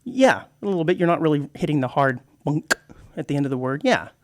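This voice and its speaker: A man's voice: a little high, expressive, fast talker, dry recording. A man co-hosting a radio show, explaining at length in casual chat with many restarts. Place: radio studio.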